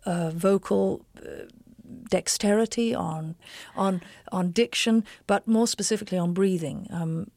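An English stage actress answering interview questions in an articulate, emphatic, opinionated way. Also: female voice, medium pitch, unhurried, darkish tone, no echo, clean studio sound. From England.

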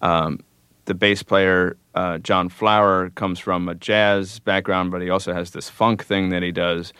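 A man's voice: low voice, flat delivery, bright, forceful tone, smooth, no room sound. A man, a musician guest on a radio interview, answering thoughtfully and without hurry, with many fillers. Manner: thoughtful, unhurried, with frequent fillers.

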